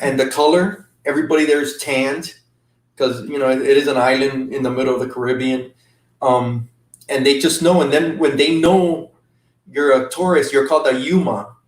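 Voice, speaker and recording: A man as a guest, recounting an emotional trip in halting casual talk with many restarts. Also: on the high side. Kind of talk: casual storytelling. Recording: roomy sound from a distant mic.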